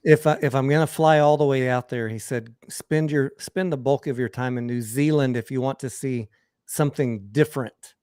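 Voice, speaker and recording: A man co-hosting a livestream, telling relaxed stories in casual chat with filler words. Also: mid-range voice, moderate pace, clean tone, no echo, clean studio sound. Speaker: livestream co-host.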